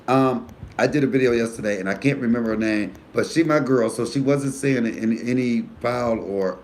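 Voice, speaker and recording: A man who is a comedian hosting his own live stream, chatting casually and frankly, with animated storytelling and cussing. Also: moderate pace, a little hiss or hum. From United States. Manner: animated storytelling, voice jumping high for quoted friends; profanity-laced, frank. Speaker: comedian and YouTube host.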